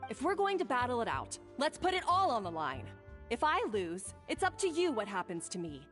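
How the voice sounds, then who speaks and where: Brief: a calm young chef, high voice, composed. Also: female voice, fairly quick, faint music behind. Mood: resolute. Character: poised young female chef accepting a challenge. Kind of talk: video game voice acting.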